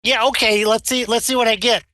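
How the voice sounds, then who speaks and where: A man narrating as game master of a tabletop game, rambling and animated, slipping into character voices. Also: very high voice, a little fast, no room sound, clean studio sound.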